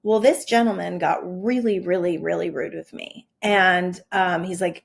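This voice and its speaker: A middle-aged woman hosting a podcast, telling a story in a chatty, animated way, often acting out what she said in asides. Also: lowish voice, unhurried, gravelly, few pauses, slightly rough. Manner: chatty, animated, many "like" fillers and quoted asides. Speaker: podcast host. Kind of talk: casual storytelling monologue.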